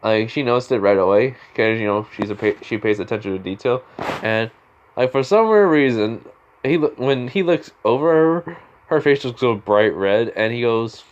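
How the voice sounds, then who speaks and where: A man's voice: medium pitch, animated, normal speed, dull audio. A man casually retelling a fan-made story, rambling with lots of fillers and restarts.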